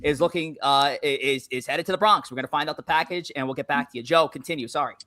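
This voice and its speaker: A man's voice: a little high, quick pace, pushed and bright, no room sound, clean studio sound. A man hosting a live sports stream, reading out news updates in an upbeat, chatty way. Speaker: stream host.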